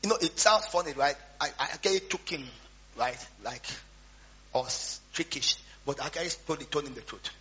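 A man preaching a storytelling sermon, swinging between quiet asides and loud shouts. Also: on the high side, expressive, moderate pace. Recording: dull lo-fi sound with faint hum.

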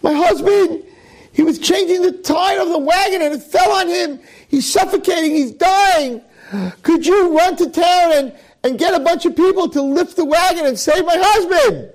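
A man voicing a frantic woman begging for help, in shrill, panicked pleas. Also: normal speed, low-quality recording.

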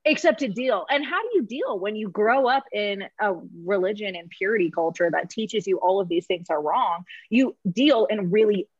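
A woman's voice: mid-range voice, moderate pace, few pauses, slightly rough, dry recording, dull audio. A woman candidly telling her personal story on a podcast, emotional and laughing through tears, with many fillers. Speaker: podcast guest.

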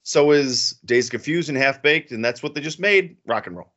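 A man co-hosting a podcast in a casual, profane, animated way, laughing often. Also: medium pitch, moderate pace. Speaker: podcast co-host. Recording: dull lo-fi sound.

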